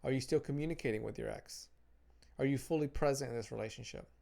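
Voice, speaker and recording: Gravelly-voiced man giving earnest advice. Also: mid-range voice, fast, warm tone. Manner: earnest, repeats words and restarts phrases while reading notes. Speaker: relationship advice vlogger. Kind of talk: casual advice talk to camera.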